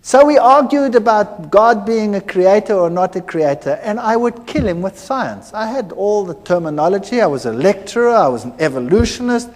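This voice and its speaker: A man, a former university lecturer, giving a personal testimony, telling his story with animated acted-out dialogue. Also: high-pitched, moderate pace, few pauses. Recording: hall reverb.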